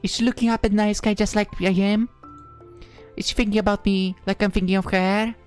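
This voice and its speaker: A woman voicing a gentle, caring young priestess who speaks softly and dreamily, in a visual novel reading. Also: medium pitch, steady tone, clear, resonant tone, faint music behind, pitched above the performer's own voice, close to an everyday voice. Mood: wistful. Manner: soft, slow, dreamy.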